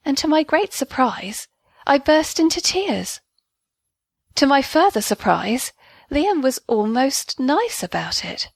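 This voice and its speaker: A woman narrating a first-person audio story as a comic diary, in an indignant, lively storytelling manner. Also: high-pitched, slow, dry recording.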